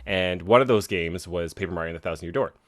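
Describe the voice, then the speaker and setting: A man's voice: sits low, fast, dry recording, clean studio sound. A young man co-hosting a video game podcast, chatting casually and rambling with lots of restarts. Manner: rambling, many fillers and restarts. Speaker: podcast co-host. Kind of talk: casual chat.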